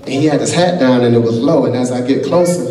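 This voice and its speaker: A man stands at a gala keynote, spinning animated stories and acting out every exchange in a mid-pitched voice. His speech reaches the mic from a distance. It rings around a large, echoey banquet hall. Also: fast. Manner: animated storyteller who acts out quoted dialogue. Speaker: college basketball head coach giving a keynote.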